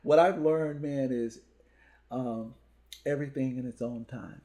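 Measured and mellow, his mid-range voice carries a podcast chat built on stories and punchy, repeated lines. He's a motivational speaker who gives talks at schools.

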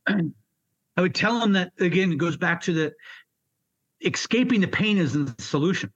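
Blunt, halting older man recounting hardship. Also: high-pitched, expressive, fairly bright tone, highs cut off. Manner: blunt, raw and halting, swears freely. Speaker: military veteran interviewee. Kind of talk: candid personal storytelling.

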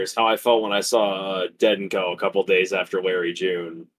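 Laid-back young podcast co-host. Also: male voice, sits low, brisk. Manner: laid-back, echoes and riffs on the other host's lines. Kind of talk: casual chat.

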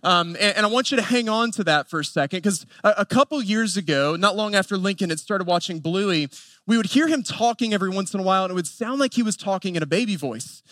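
A man in his thirties with an Appalachian North Carolina accent, preaching a sermon in an earnest way and building lists with emphatic pauses. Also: sits high, lively intonation, fairly bright tone, dry recording. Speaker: pastor.

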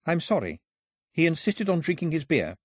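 A man's voice: fairly high pitch, sing-song, normal speed, slightly rough, dry recording, clean studio sound, voice pushed up. A man voicing an earnest young girl, Daphne. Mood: upset.

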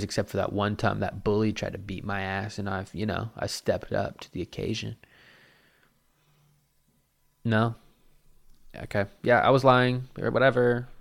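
A man casually telling a story at home into a mic, rambling and cursing freely as he acts out what people said. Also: on the low side. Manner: rambling and profane, acting out quotes.

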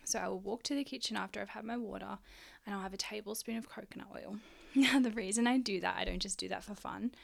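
A woman's voice: medium pitch, fairly even intonation, fast, vocal fry. A woman hosting a casual solo podcast, chatty and frank, swearing freely and out of breath. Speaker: podcast host.

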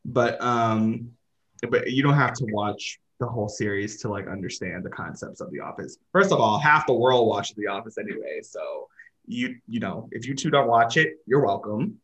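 Man, podcast co-host, casual chat, lively swooping pitch, laughs a lot. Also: moderate pace. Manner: animated, laughs often.

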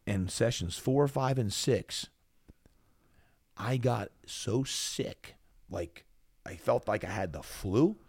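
The middle-aged New Jersey fitness coach, guesting on a podcast, speaks in a fairly low voice with a breathy edge, taking it slowly and pausing often. Still, he tells his personal story with lots of energy, animatedly acting out the dialogue, and the studio sound is clean with no room sound.

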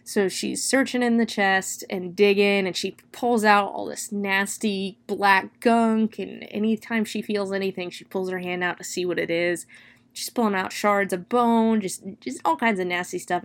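A woman's voice: mid-range voice, normal speed. A woman reviewing a book, casually retelling a grim plot with lots of "like" and "you know.". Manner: chatty, with many "like" and "you know" fillers; expressive, dwelling on gory detail.

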